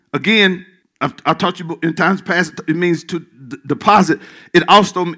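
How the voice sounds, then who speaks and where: A male pastor preaching a sermon in church, calling out questions to the congregation and dropping into hushed asides. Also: high voice. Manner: call-and-response preaching, swings from loud to hushed asides.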